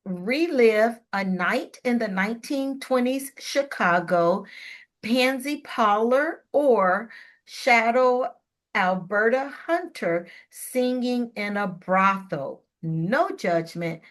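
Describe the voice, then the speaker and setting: A woman's voice: on the high side, animated, slow pace. A middle-aged woman hosting a radio interview show, chatting playfully and laughing often. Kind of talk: casual interview chat.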